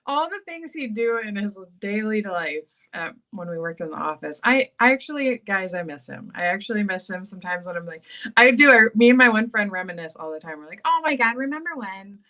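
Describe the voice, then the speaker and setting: Bright, giggly woman, casual storyteller, laughs often. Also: medium pitch, expressive, a little fast.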